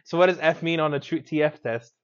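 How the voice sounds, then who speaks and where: Fast-talking young podcast co-host. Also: male voice, on the high side, dull audio. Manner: fast, laughing, teasing banter, says "bro". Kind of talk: casual chat.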